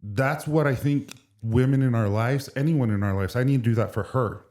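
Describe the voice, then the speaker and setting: A man's voice: mid-range voice, moderate pace, darkish tone. Candid man telling a heartfelt story. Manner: candid, emotional storytelling with many restarts. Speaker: podcast guest, brand co-founder. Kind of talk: casual chat.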